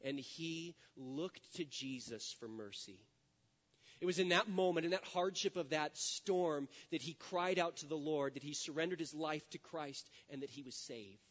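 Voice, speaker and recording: Male pastor with a fairly high voice, an earnest storyteller preaching in a church; the sound is dull and rings with long hall echo. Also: moderate pace, fairly bright tone. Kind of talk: sermon.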